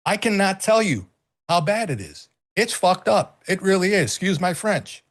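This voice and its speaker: This middle-aged man, a co-host on an informal stream, talks politics in a high, animated voice at an ordinary pace. He hammers his points, says things more than once, and swears without restraint.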